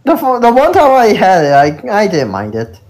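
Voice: mid-range voice, wildly swooping pitch, moderate pace, a little mellow. A podcast co-host in casual chat, reading out restaurant names one by one with lots of hesitation. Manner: reads out restaurant names, hesitant with many uhs.

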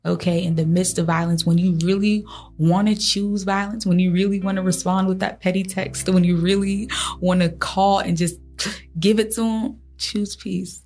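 A woman's voice: on the low side, a little mellow. A woman hosting a motivational faith podcast, speaking earnestly and encouragingly to her listeners, often breaking into laughter. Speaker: podcast host.

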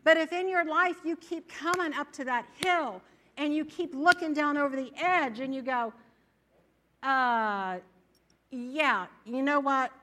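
A woman preaching to a church congregation in a bright, fairly high voice. She talks in a conversational, animated way and often slips into the voices of worried listeners. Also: normal speed, slight background noise. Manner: animated, acts out inner voices. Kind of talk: sermon.

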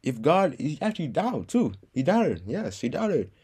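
Guy preaching on a podcast, kinda high voice, gets fired up and repeats stuff for emphasis. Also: very animated, moderate pace, a little mellow, slightly rough. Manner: passionate, repeats lines for emphasis. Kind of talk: sermon podcast.

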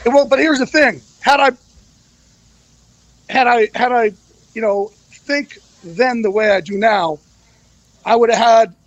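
A man's voice: very high-pitched, unhurried, pauses often, no room sound, poor audio. A man speaking as a podcast guest, candid and emotional, swearing freely. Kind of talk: casual podcast interview.

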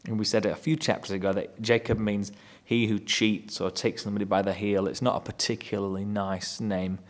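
Reading a Bible chapter aloud, this man explains the verses conversationally, rereading them with mounting emphasis. His voice is fairly low and his pace rather quick.

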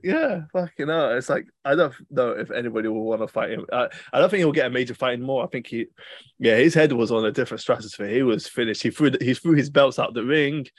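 A young man hosts a casual podcast chat, wandering through animated, rambling stories full of fillers and restarts. His voice sits at an ordinary middle pitch, and the recording is close and dry with no room sound. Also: quick pace, no echo. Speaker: podcast host.

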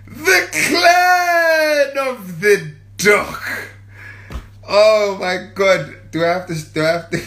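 Man, livestream host, playful, laughs a lot, high voice, slow delivery. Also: reverberant. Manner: playful, laughs often, drawn-out shouted catchphrases. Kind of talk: casual livestream chat.

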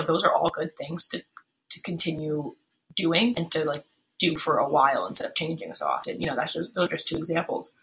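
Low, gravelly woman rambling tiredly. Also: fairly bright tone, low-quality recording. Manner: rambling, filler-heavy, frequent restarts; tired, yawning. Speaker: podcast host. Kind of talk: casual solo podcast chat. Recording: faint background noise, pen clicks.

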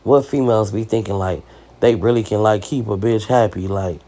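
A man voicing a cocky young guy who mumbles halting remarks in a lowered voice. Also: dark tone, lightly acted. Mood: sly.

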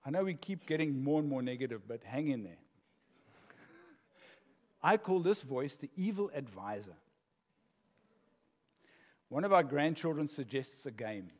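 An older man preaching a sermon as pastor, an animated storyteller who laughs at his own jokes. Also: mid-range voice, measured pace, pauses often. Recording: long hall reverb.

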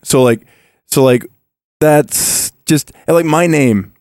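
A man's voice: a little high, slow pace, a little mellow, no echo, studio quality. A man on a podcast who explains things at length in casual banter, often trailing off and restarting.

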